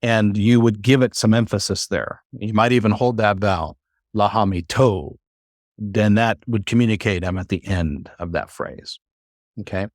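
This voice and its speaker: Teaching Bible Hebrew in a classroom, this low-voiced man speaks relaxed and halting, often saying "uh" and starting sentences over. The recording is close and dry with no room sound.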